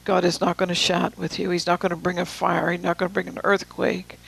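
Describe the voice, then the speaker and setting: Gravelly, flat-voiced preacher. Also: mid-range voice, low-quality recording. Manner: deliberate, slow emphasis with conversational asides. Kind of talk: sermon with scripture reading.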